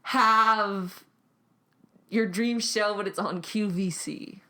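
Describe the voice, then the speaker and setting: A young woman co-hosting a podcast, chatting casually, animated and swearing freely. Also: mid-range voice, slow pace. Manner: animated, swears freely, acts out bits in funny voices. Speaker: podcast co-host. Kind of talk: casual chat.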